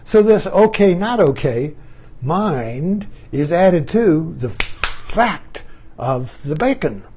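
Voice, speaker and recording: A man's voice: on the high side, sing-song, takes it slowly, a little mellow, slight background noise. An older man musing in a rambling monologue, repeating himself and chuckling as he turns his ideas over. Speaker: online talk host. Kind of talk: reflective monologue.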